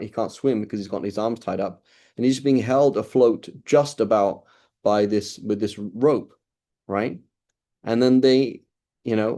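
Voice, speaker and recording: A man's voice: lowish voice, warm tone. A middle-aged man giving an informal lecture as an Islamic studies teacher, talking casually with many fillers and restarts.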